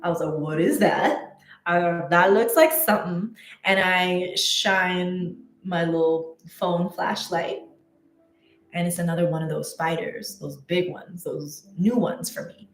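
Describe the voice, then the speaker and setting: A woman's voice: lowish voice, steady tone, measured pace, fairly bright tone, roomy sound, slight background noise. A woman telling a personal story in a casual, chatty way, with many fillers and restarts. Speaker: spiritual content creator.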